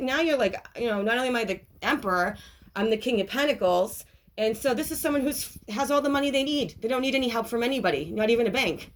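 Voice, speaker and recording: A woman giving a casual tarot reading to her viewers, talking in an excitable, rambling way full of asides and apologies. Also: fairly high pitch. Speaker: tarot reader. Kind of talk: casual spiritual reading to camera.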